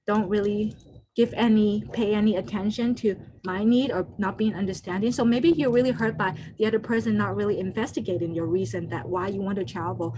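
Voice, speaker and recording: A woman's voice: medium pitch, a little mellow, a little hiss or hum, rough recording. Woman giving an online skills workshop. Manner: loose, unscripted, many fillers, acts out short quoted lines. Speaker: workshop presenter. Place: home room over a video call. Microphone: computer mic on a video call.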